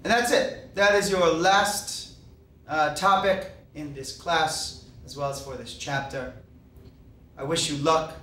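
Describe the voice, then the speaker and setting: A man's voice: fairly high pitch, takes it slowly, bright, forceful tone. A man teaching a Spanish grammar lesson, explaining step by step with patient fillers. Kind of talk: recorded classroom lecture. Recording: echoey room, voice far from mic, faint hiss.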